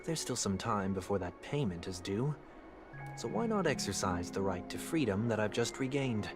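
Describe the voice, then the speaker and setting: An actor voicing a formal, proud young man seeking atonement, speaking in a measured, orderly way, with music behind. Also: lowish voice, very animated. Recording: game audio with loud music behind.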